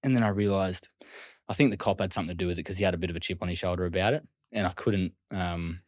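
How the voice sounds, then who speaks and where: An Australian man, a guest telling stories casually and acting out other people's lines in quick quoted voices. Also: low-pitched, dry recording, clean studio sound. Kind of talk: casual storytelling.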